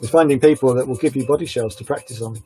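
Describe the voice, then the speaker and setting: A man's voice: mid-range voice, fast, darkish tone, breathy edge, faint music behind, poor audio. A man chatting casually on a live stream while he airbrushes, a rambling self-confessed oversharer.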